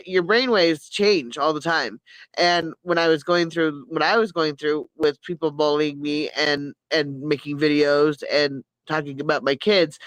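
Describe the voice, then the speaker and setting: A woman's voice: deep voice, fairly bright tone, dry recording, poor audio. Middle-aged woman, candid live-stream chat, earnest and rambling, dry close mic. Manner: rambling, frequent restarts and self-corrections.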